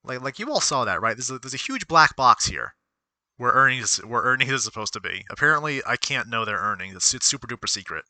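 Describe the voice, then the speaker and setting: A man's voice: mid-range voice, sing-song, brisk, bright, forceful tone, no echo. A man giving casual live-streamed commentary on a stock as he reads it aloud, rambling and correcting himself as he goes. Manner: rambling, self-correcting, talks to himself while reading aloud.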